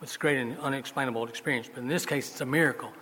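A man preaching a sermon as pastor, telling stories in a folksy way and moving between loud emphasis and soft asides. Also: mid-range voice, rapid-fire, slight background noise. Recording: long reverb of a large hall.

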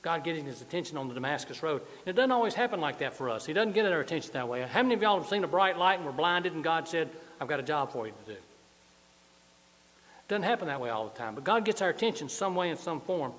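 A man's voice: fairly high pitch, expressive, fast talker, a bit bright. A man preaching a sermon, joking and folksy, moving around as he talks. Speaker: pastor. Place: church sanctuary with balcony. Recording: long church reverb.

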